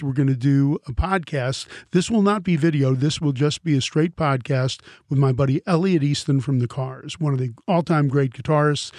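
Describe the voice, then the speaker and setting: A man's voice: fairly high pitch, a little mellow, dry recording, studio quality. An older man hosting a podcast, upbeat and joking in a casual, talkative way. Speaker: podcast host. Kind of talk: casual chat.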